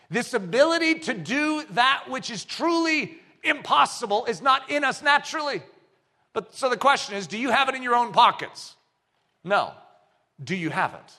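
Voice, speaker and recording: An animated middle-aged male preacher with a high, lively voice that leaps about in pitch. His tone is bright and forceful, and he swings from quiet asides to shouted declarations. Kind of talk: sermon.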